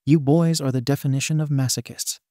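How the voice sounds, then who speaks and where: A man's voice: medium pitch, fairly even intonation, brisk, dark tone, no room sound, studio quality, natural voice. A man voicing a teasing, seductive adult woman referee with a knowing manner.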